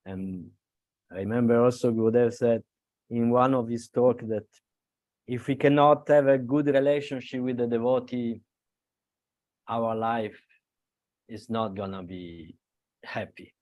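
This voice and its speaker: A man from Italy with an Italian accent, speaking earnestly at a devotional gathering, halting and laughing a little as he restarts. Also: medium pitch, steady tone, darkish tone, dry recording, lo-fi sound. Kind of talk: devotional talk on a video call.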